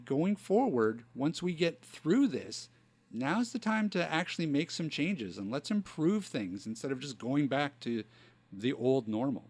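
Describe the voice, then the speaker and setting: A man's voice: medium pitch, a little mellow. A man hosting a podcast, chatting casually with many "you know" fillers. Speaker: podcast host. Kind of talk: casual chat.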